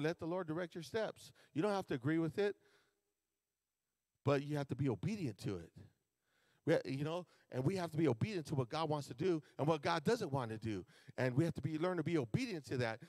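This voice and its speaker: A man preaching in a conversational, animated way, slipping into little acted-out quotes of his own thoughts. His voice sits a touch high for a man. The sound is dry and close. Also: no echo. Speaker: pastor. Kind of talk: sermon. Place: church sanctuary.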